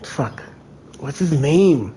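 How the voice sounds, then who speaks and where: A man's voice: a little high, expressive, slow pace, warm tone, a little hiss or hum. A man streaming casually, rambling through stories with lots of swearing and repeated phrases. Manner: rambling storytelling, heavy swearing, repeats himself. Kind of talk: casual chat over a game.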